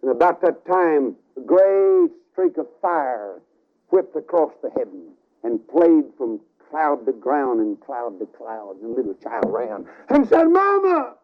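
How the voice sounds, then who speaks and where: A man preaching a revival sermon, telling a story dramatically with sudden swings between loud and soft, on a tinny radio broadcast recording. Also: mid-range voice, animated, a little slow.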